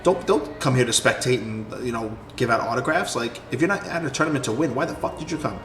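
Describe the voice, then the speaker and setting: A man's voice: mid-range voice, lively intonation, fairly bright tone. A man in casual chat, talking emphatically and swearing freely. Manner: fast, emphatic, profane. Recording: echoey room, faint music.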